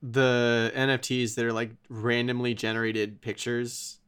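A man in casual podcast chat, wry and relaxed, chiming in with remarks. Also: mid-range voice, measured pace, smooth.

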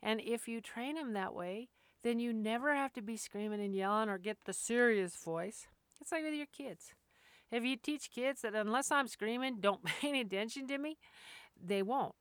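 Woman dog trainer, casual how-to talk, smooth clear tone, dry close sound, acts out quotes. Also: fairly high pitch, normal speed, dry recording. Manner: plainspoken, acts out dog and owner voices, laughs often.

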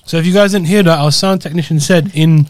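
A man's voice: fairly high pitch, quick pace, no echo. A young man, co-hosting a podcast with joking, teasing banter. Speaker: podcast co-host. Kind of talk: casual chat.

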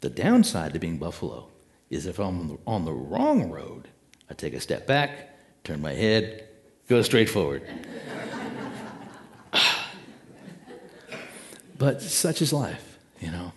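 A man giving a spiritual talk to an audience, reflective and unhurried, with dramatic pauses and acted-out inner voices. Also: low-pitched, wildly swooping pitch. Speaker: speaker.

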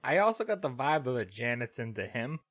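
A man's voice: mid-range voice, sing-song, brisk, a bit bright. A man co-hosting a podcast, dropping dry quips in casual chat. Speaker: podcast co-host.

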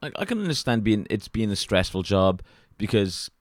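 A man's voice: lowish voice, very animated, moderate pace, no echo, studio quality. A man co-hosting a podcast, chiming in with crude, teasing, sweary banter. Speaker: podcast co-host. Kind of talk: casual chat.

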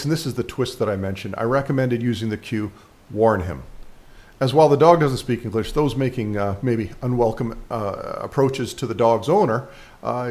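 A man's voice: mid-range voice, darkish tone. A man speaking as a dog trainer, giving casual instructional commentary with frequent fillers and restarts.

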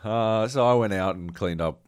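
Man, podcast co-host, very low voice, dry close sound, swears freely, slight lingering cough. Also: normal speed, a little mellow, smooth, dry recording. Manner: profane, rambling storytelling with dramatic quoted asides. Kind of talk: casual chat.

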